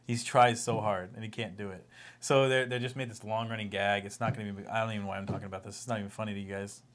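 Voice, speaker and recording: A man's voice: lowish voice, steady tone, fast talker, a bit bright. A man co-hosting a casual pop-culture podcast, rambling through stories, restarting sentences and laughing at his own jokes. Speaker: podcast co-host.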